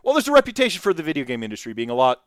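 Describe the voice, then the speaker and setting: A man's voice: on the high side, huge pitch swings, racing, fairly bright tone, no echo, studio quality. A man co-hosting a casual livestream chat, rambling and swearing as he talks. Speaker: YouTuber co-host.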